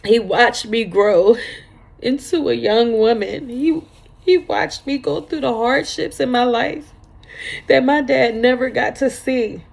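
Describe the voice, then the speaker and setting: A woman in her thirties speaks slowly, her voice carrying a gravelly fry. She tells a personal story for her vlog in a halting, tearful way, breaking into tears at times and repeating her words. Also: a little high. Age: 30s. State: crying at times. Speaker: vlogger.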